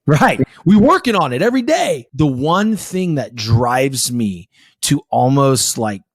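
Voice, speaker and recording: Animated, casually swearing male podcast host. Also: mid-range voice, husky, dry recording, studio quality.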